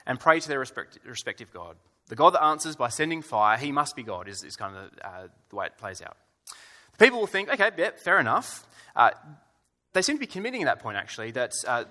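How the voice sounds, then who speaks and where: A man's voice: medium pitch, sharp tone. A male preacher giving a conversational, wry sermon in a church hall, full of rhetorical questions and fillers. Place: church hall with about a hundred people.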